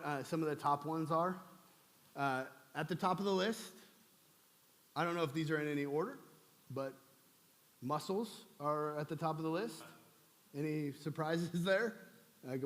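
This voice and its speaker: Male pastor, conversational humorous sermon, slightly high voice, reverberant sanctuary. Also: normal speed, pauses often. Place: church sanctuary. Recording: long church hall reverb.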